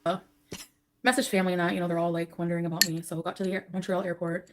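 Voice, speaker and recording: A woman's voice: fairly low pitch, little pitch movement, racing, background noise. A woman on a livestream, talking in a scattered, confessional, rambling way.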